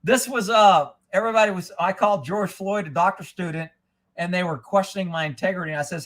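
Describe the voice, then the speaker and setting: Giggly man with a high voice. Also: quick pace, fairly bright tone. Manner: chuckling, loose and irreverent. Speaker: livestream host. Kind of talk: casual livestream chat.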